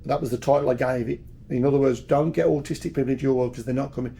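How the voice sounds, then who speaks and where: Man, older, Birmingham accent, mellow dark tone, candid storytelling, chatty and jokey. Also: mid-range voice, steady tone, racing, creaky. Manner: chatty, jokey, repeats words as he goes. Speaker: podcast guest, music and PR manager.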